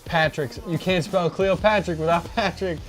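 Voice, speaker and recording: A wisecracking man co-hosts a casual podcast. His voice sits a little high, and he often drops into quiet mumbled asides. Faint music plays underneath. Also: steady tone, moderate pace. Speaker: podcast co-host. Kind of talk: casual chat.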